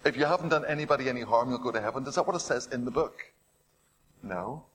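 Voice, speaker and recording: Over poor audio, a man preaches a sermon in a husky, medium-pitched voice at a fast clip. He retells stories with mounting drama, throws rhetorical questions at listeners and hushes his voice on weighty points.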